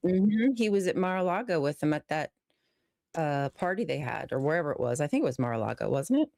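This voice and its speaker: A woman's voice: low-pitched, big pitch swings, a little fast, creaky, dark tone, no room sound. A woman co-hosting a live talk show, speaking bluntly and emphatically about politics, with plenty of swearing. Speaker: co-host of a call-in show. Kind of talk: casual political chat.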